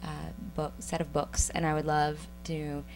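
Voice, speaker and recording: A woman's voice: low-pitched, level tone, moderate pace, darkish tone, faint music behind, rough recording. A woman, an actress guest on a podcast, talking casually and hesitantly with many restarts. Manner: hesitant, restarting, laughs easily. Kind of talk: casual interview chat.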